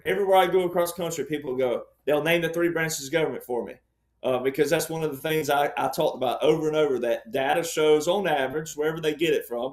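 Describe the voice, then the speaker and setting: A man's voice: a little high, echoey room. A man speaking as a panel guest, explaining his point emphatically and repeating key ideas like a lecturer.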